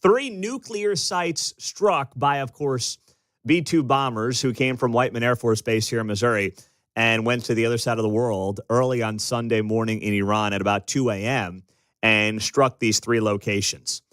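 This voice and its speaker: An American talk radio host delivers an emphatic, opinionated monologue, telling stories animatedly and acting out the quotes. His voice is fairly low, clear and resonant, at normal speed, recorded on a dry studio mic.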